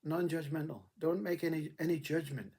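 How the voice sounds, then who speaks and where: A man giving a reflective spiritual monologue, pausing and repeating words as he searches for them. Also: fairly high pitch, steady tone, darkish tone, slightly rough. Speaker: spiritual speaker.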